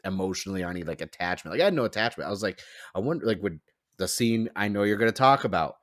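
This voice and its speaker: A man's voice: fairly low pitch, lively intonation, racing, no room sound, clean studio sound. A man hosting a podcast in casual chat, rambling with lots of "like" fillers. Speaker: podcast host.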